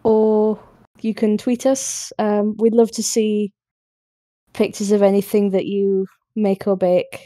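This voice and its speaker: A woman's voice: medium pitch, flat delivery, slow, mellow, no room sound, studio quality. A young woman with a northern English accent co-hosting a podcast in an easygoing, casual way. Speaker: podcast co-host. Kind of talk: casual chat.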